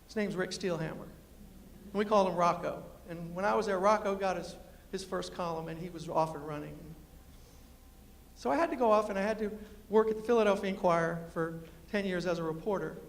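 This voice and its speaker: A storyteller and humorist gives a comic storytelling talk in a large, reverberant lecture hall before an audience. He speaks with a New York accent influenced by West Virginia and is animated, acting out quoted voices with big pitch jumps.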